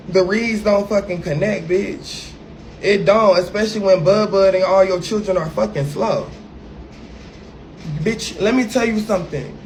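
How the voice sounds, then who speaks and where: A man's voice: a little high, slight background noise. A man ranting brashly on a livestream, profane and sassy as he fires back at a critic.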